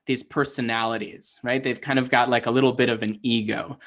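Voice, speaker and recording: A man's voice: medium pitch, fairly even intonation, fairly quick, fairly bright tone. A man teaching an online class, explaining step by step, quizzing his learners and using many fillers. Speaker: Hebrew teacher.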